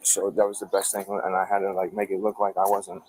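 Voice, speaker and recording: A man with an Ohio accent telling police in a rapid, rambling way what he found, swearing often, recorded outdoors by a garage on a police body camera. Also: deep voice, completely flat delivery, darkish tone, slight background noise, low-quality recording. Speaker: witness giving a statement. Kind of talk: casual account to police.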